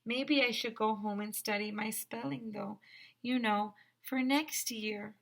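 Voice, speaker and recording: A woman's voice: fairly high pitch, steady tone, measured pace, gravelly, voice pushed up. A woman putting on an eager young girl bee. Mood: wistful.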